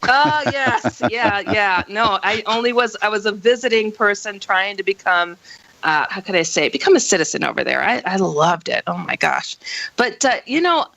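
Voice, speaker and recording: A woman hosting a radio talk show, bubbly and quick to laugh, chatting casually with her guest. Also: gravelly, dry recording, low-quality recording. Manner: bubbly, laughs often, lively pitch jumps.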